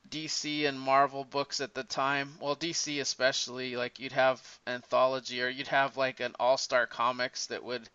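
A man in casual chat, retelling a comic story in a rambling, animated way, with many restarts. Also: mid-range voice, clean tone, no room sound. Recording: dull lo-fi recording.

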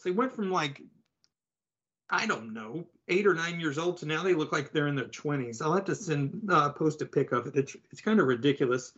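A man's voice: a little high, lively intonation, normal speed, fairly bright tone, slightly rough. A man co-hosting a podcast, casually retelling a comic book plot with lots of fillers and asides. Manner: rambling, filler-heavy storytelling. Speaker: podcast co-host. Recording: slightly dull lo-fi audio.

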